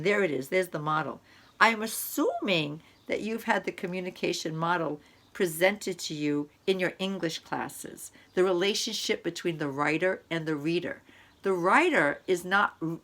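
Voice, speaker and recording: A woman's voice: on the low side, a bit bright. Woman giving a casual lecture. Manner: conversational, explaining with repeated examples. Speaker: college instructor. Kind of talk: recorded online lecture.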